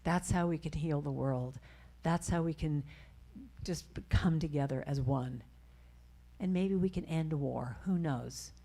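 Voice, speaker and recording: A woman giving a heartfelt spiritual talk, speaking gently and slowing down on key words, sometimes dropping to a soft near-whisper. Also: sits low. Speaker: inspirational speaker and singer. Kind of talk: spiritual talk leading a chant.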